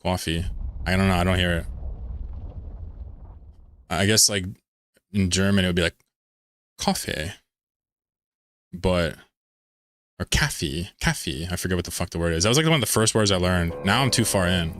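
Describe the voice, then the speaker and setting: A Pennsylvania man with a mid-Atlantic American accent rambles and jokes while streaming a game and reading chat aloud. His voice is low and fairly bright, at normal speed with frequent pauses, on a dry recording.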